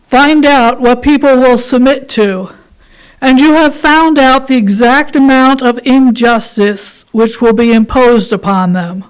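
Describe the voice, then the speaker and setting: A woman leading a church service, reading a passage aloud and then telling a children's story in a calm, measured way. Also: high voice, clear, resonant tone, no room sound, poor audio. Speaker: worship leader.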